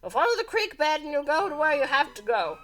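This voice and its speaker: Woman putting on a high crackly old tree witch. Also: sing-song, fast. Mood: cackling. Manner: sly, cackling.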